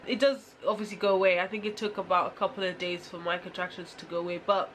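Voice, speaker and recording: A woman's voice: on the low side, fairly even intonation, fast talker, few pauses, a little hiss or hum. A woman chatting casually to camera as a vlogger, rambling and laughing often.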